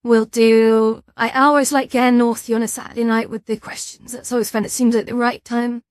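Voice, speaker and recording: Brief: sleepy woman streamer, higher-pitched, rambling chat, dry close sound. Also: flat delivery, fairly quick, no room sound. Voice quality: rambling, chatty, with frequent restarts and fillers. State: tired, yawning. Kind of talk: casual chat.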